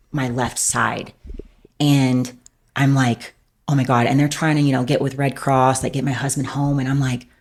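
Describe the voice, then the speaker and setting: A woman's voice: rumbling low, creaky, darkish tone. A woman speaking as a podcast guest, telling a personal story candidly in a rambling way, filling her phrases with "like". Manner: rambling, fills every phrase with "like".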